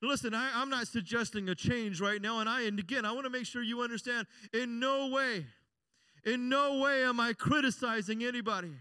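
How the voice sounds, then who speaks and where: High-voiced pastor preaching, bright and clear. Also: male voice, a little fast, no room sound. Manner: conversational preaching, frequent call-and-response "amen?". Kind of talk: sermon.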